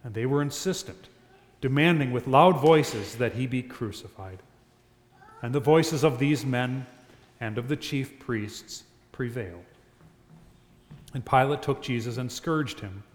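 A man reading scripture aloud at an evening church service in a measured, solemn way. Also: medium pitch, roomy sound, in a large hall. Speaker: scripture reader.

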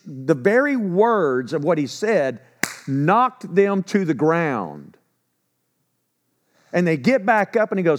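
A male pastor preaching a conversational sermon, acting out quotes and correcting himself as he goes. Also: high voice. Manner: animated storytelling, acting out quotes.

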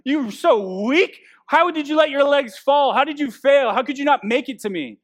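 A man playing a harsh parent who yells in contempt at a toddler who has fallen. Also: very high voice, lively intonation, moderate pace, pitched above the performer's own voice. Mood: scornful yelling. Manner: shouting, contemptuous, mocking.

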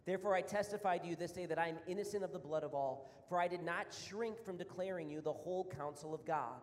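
A man's voice: high-pitched, fast. Earnest male preacher in an echoing hall. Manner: earnest, rising to emphatic repetition. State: a little out of breath. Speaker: pastor. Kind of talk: sermon. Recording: long reverb of a hall.

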